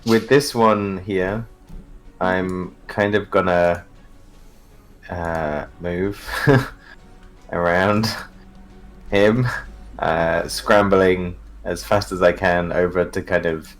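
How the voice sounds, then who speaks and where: A man's voice: sits low, fairly even intonation, soft background music. A man playing a tabletop game, chatting casually, swearing and hesitating. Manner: swearing, laughing, halting and unsure. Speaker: player.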